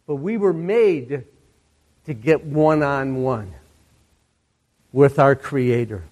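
A man's voice: medium pitch, darkish tone. A male pastor preaching a sermon, reading scripture aloud and repeating key phrases for emphasis. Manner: slow, deliberate reading of scripture with emphatic repetition.

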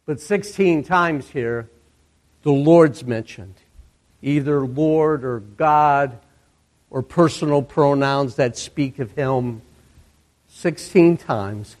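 A man's voice: medium pitch, darkish tone. A male pastor preaching a sermon, reading scripture aloud and repeating key phrases for emphasis. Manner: slow, deliberate reading of scripture with emphatic repetition.

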